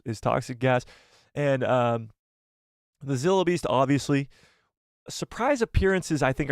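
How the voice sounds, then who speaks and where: A man's voice: mid-range voice, no echo, studio quality. A man hosting a casual live stream, reading viewer comments aloud and reacting in a jokey, chatty way.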